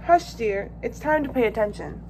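A woman voicing a kindly, orderly female schoolteacher who speaks softly and calmly to the class. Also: a little high, moderate pace, a little hiss or hum, poor audio. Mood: gentle. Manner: soft, calm, instructing.

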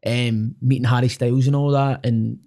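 A man's voice: medium pitch, fairly even intonation, moderate pace, warm tone. A young man in his twenties with a Glaswegian accent, telling stories in casual chat, swearing freely and acting out what people said. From Scotland. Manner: swears freely, acts out quotes, keeps asking "do you know what I mean". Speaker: podcast guest, singer.

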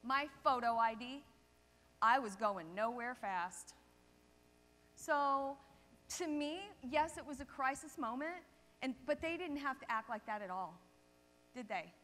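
High-voiced woman telling stories in a reverberant hall. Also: unhurried, pauses often. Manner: lively anecdotal, addresses audience with "right?". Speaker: chiropractor speaking at a seminar. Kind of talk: storytelling seminar talk. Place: seminar hall stage. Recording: long reverb of a seminar hall.

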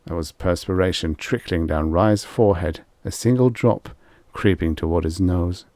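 Deep-voiced man narrating an audiobook. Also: moderate pace, dark tone, no echo. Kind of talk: scripted narration.

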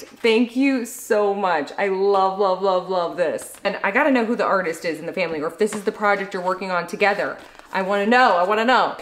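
A young adult woman chatting casually to camera at home as she opens fan mail, gushing and excitable. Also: medium pitch, echoey room. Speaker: vlogger opening fan mail.

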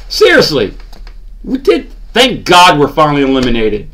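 A sports channel host with a slightly high, fairly bright voice rants at normal speed about his team's loss. Very animated, he's exasperated and sarcastic, groaning and mocking as a frustrated fan.

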